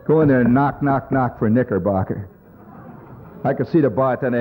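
A storyteller with a medium-pitched voice performs a rambling, humorous monologue for an audience at a moderate pace. His tone is wry and conversational, and the recording sounds tinny and lo-fi, like a phone.

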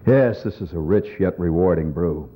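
A man's voice: sits low, normal speed, pitched below the performer's own voice, close to an everyday voice. A man putting on a pompous beer-commercial man who savors his beer in a plummy way. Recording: tinny lo-fi phone-like recording.

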